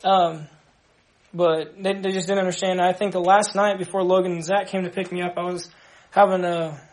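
A young man from Dallas with a high voice shares his personal testimony with a group. He speaks earnestly and haltingly, often restarting his sentences. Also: little pitch movement. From Dallas, Texas. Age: young adult. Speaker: ministry member giving testimony.

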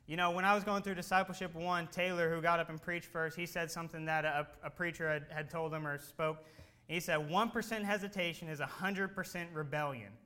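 A man preaching in a high, bright voice with a sharp edge to it. He tells his story in a plain conversational way, then presses his listeners hard with earnest urgency. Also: steady tone, a little fast. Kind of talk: sermon.

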